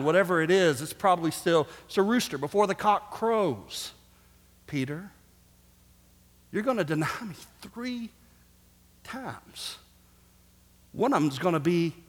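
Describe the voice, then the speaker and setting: A man preaching a sermon as pastor, shifting from hushed, slow passages to loud, emphatic ones. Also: fairly high pitch, big-room sound.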